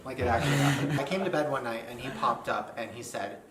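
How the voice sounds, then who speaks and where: A man's voice: mid-range voice, fast talker. A man in a played vlog clip, chatting casually and telling stories animatedly, laughing often. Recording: echoey room with loud music under.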